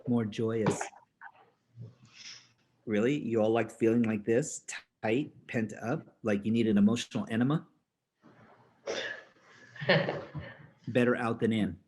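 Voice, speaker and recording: A man giving a motivational talk, animated, laughing often and acting out voices in his stories. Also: lowish voice, measured pace, long pauses, a little hiss or hum. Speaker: motivational speaker.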